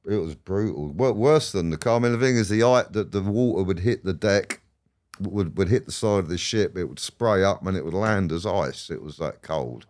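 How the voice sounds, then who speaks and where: A man's voice: low-pitched, normal speed, darkish tone. A man, a podcast guest rambling through stories, swearing and laughing as he goes. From England. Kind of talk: casual storytelling interview.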